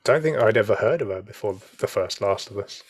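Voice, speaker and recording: A man co-hosting a podcast, chatting in a relaxed, matter-of-fact way. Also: on the low side, brisk, breathy edge. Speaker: podcast co-host. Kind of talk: casual chat.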